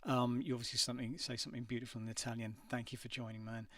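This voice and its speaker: A man with a medium-pitched, flat voice talks rapid-fire in a fairly bright tone, picked up from a distance in a dry room with no echo. He's a singer hosting a live stream from his home studio, chatting casually and reading viewer messages, hesitant and full of ums.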